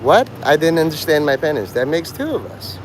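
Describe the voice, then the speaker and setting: A man's voice: on the high side, very animated, brisk, a little hiss or hum, poor audio. A man livestreaming outdoors on a city street, rambling crudely and joking provocatively.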